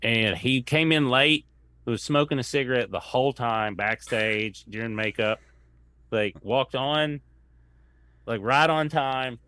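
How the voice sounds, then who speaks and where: A comedian telling a long rambling anecdote in casual chat, acting out what people said. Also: male voice, mid-range voice, unhurried, pushed and bright, clear, resonant tone. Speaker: comedian guest.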